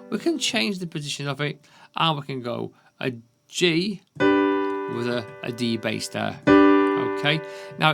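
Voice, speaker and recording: Gravelly Yorkshire man teaching piano. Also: on the high side. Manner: counts beats aloud, checks in with frequent "okay?". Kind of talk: step-by-step piano lesson. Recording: piano music loud underneath. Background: piano playing.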